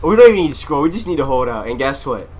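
A young man commentating his own gameplay, loud and excitable, yelling and laughing at what happens on screen. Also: medium pitch, rapid-fire, soft background music. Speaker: gaming YouTuber.

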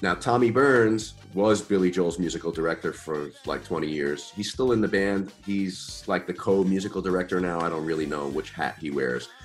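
Man, fifties, from New York, lowish voice, casual storyteller, slangy, relaxed interview guest. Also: moderate pace, few pauses, soft background music. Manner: relaxed, chatty, uses slang and mild swearing. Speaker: guest musician.

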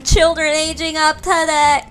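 A woman hosting a gaming channel, giving animated let's-play commentary and swearing and exclaiming at the game. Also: sits high, a little slow, faint music behind.

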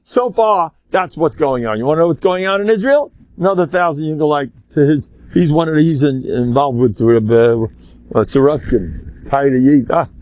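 An older man, a rabbi, giving an animated, rambling Torah lecture full of Yiddish and Hebrew terms. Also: a little high, dry recording.

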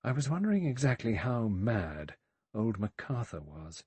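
A man over sixty voicing a thoughtful male doctor who speaks slowly and doubtfully. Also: lowish voice, very animated, a little mellow, husky, no echo, full character voice. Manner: slow, doubtful.

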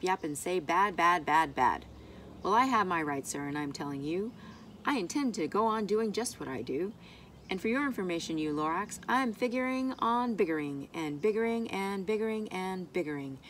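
A woman reading aloud plays a greedy, stubborn male factory owner who yells defiantly. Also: mid-range voice, a little hiss or hum, natural voice. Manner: yelling, defiant.

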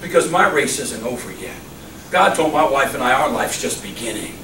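A middle-aged male pastor preaching a sermon, swinging from loud exclamations to soft, low murmurs, recorded in a church. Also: animated, moderate pace. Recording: echoey church hall, mic at a distance, faint hum.

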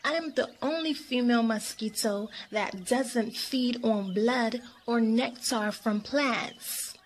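A woman's voice: mid-range voice, slow, a little hiss or hum, lightly acted. Niagara, a kind odd little female mosquito, voiced by a woman. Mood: pleading.

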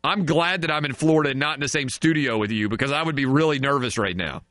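A man's voice: medium pitch, quick pace, fairly bright tone, no room sound. A man hosting a sports talk radio show, riffing sarcastically and in mock outrage.

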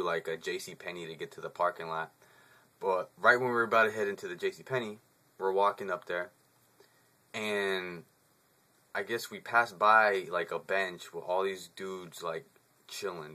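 A man's voice: sits low, pushed and bright. A man in his twenties casually telling a story to camera, in slangy, profane speech with frequent chuckles. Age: 20s.

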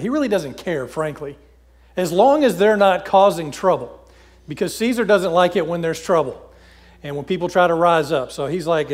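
A man preaching a sermon in a relaxed, conversational way, paraphrasing scripture with frequent fillers and restarts. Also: fairly high pitch. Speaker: pastor. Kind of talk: casual sermon with scripture reading.

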